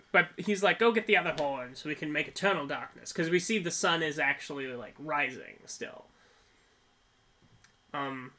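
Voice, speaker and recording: Bright-voiced man chatting about a movie. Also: fairly high pitch. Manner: animated storytelling with frequent laughs. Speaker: podcast co-host. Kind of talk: casual film review chat.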